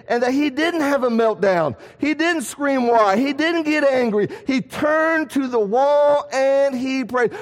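A man preaching a sermon, rising to emphatic shouts and dropping to quiet, low lines. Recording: echoey hall reverb.

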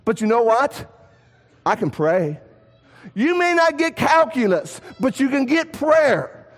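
A man preaching a sermon in a church, animated, asking rhetorical questions and swinging between loud and soft. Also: very high voice, takes it slowly. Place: church sanctuary. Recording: long hall reverb.

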